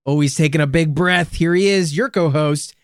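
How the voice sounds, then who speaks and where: A man's voice: on the high side, normal speed, clear, resonant tone, no echo, clean studio sound. A man co-hosting a comedy podcast, bantering and riffing along with his partner's jokes. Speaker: podcast co-host. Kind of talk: comedic casual chat.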